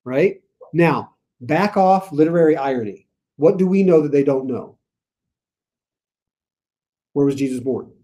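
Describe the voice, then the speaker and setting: A man with an American accent leading a casual Bible study, animated and playful, laughing as he explains the text. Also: fairly high pitch, unhurried, long pauses.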